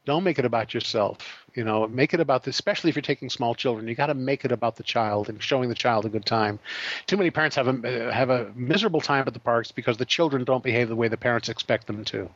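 A man's voice: mid-range voice, fast talker, no room sound, lo-fi sound. A man, a guest on an interview show, telling an anecdote and acting out the quoted voices. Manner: animated, acts out quoted voices. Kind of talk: storytelling anecdote.

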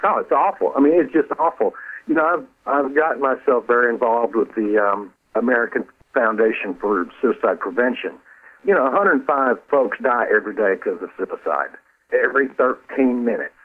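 A man's voice: mid-range voice, expressive. Earnest man on a tinny phone line. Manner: earnest, halting, repeats words. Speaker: author and former counselor, guest. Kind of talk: radio interview over the phone.

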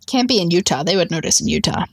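A woman's voice: fairly low pitch, lively intonation, fast, a little hiss or hum. A woman co-hosting a casual film podcast, agreeing and adding quips. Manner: agreeable, short affirmations and quips. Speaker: podcast co-host.

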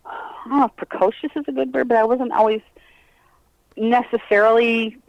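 A woman's voice: on the high side, normal speed, no echo, lo-fi sound. An older woman telling funny stories in a casual interview, laughing often as she talks. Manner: lively, laughing storyteller. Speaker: guest, host's mother.

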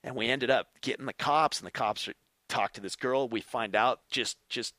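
A middle-aged man, a former motocross racer, telling stories as a podcast guest in an animated way and swearing freely. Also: medium pitch, normal speed, no room sound. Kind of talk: casual storytelling.

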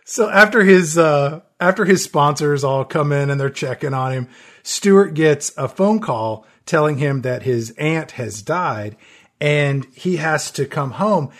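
A man with a fairly high voice riffs on a film in relaxed podcast conversation. He makes dry, sarcastic jokes and wry asides throughout. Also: a little slow. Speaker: podcast co-host. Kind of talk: casual movie-review chat.

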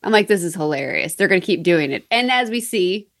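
A woman talking casually on a podcast about a film, animated and laughing as she acts out scenes. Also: lowish voice, brisk. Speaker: podcast guest.

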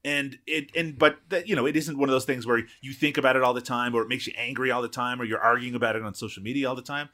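A man co-hosting a film podcast, relaxed and laughing easily, hedging with filler phrases. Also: medium pitch, fast talker, few pauses. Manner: relaxed, laughs easily, hedges with "you know". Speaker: podcast co-host. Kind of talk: casual film review chat.

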